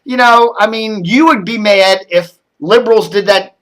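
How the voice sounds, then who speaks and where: A middle-aged man from the Washington DC area, talking casually to camera about the news, rambling with lots of fillers and getting animated when riled. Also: high-pitched, moderate pace. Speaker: media commentary vlogger. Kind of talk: casual solo commentary.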